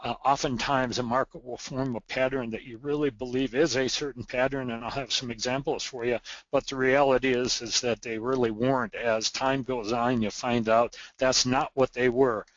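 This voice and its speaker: A man explains trading charts in an earnest, emphatic teaching voice, leaning on the words he wants to stress and restarting a phrase now and then. His pitch sits at an ordinary middle level. The sound is close and dry but a little dull and lo-fi. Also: steady tone, normal speed, no echo. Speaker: trading educator. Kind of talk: recorded market lesson.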